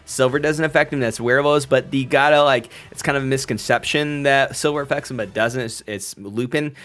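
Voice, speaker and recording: A man's voice: mid-range voice, a little fast, fairly bright tone. A man narrating a tabletop game as game master, rambling with many fillers.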